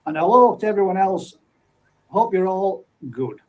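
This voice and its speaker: A man's voice: sits high, animated, normal speed, muffled recording. A man hosting a casual live stream, reading out viewer comments and greeting each person by name in an easygoing, friendly way. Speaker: livestream host.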